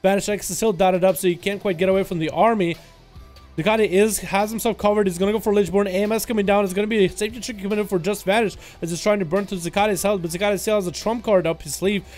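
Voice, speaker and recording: A young man casting a video game duel as rapid play-by-play commentary, excitable and hype. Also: sits high, faint music behind. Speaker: game caster.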